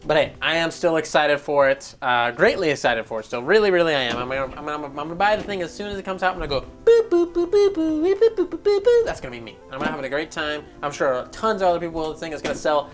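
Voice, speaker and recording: A man's voice: on the high side, very fast, hardly any pauses, fairly bright tone, faint music behind. A man hosting a gaming news show, giving casual commentary in a profane, exasperated rant.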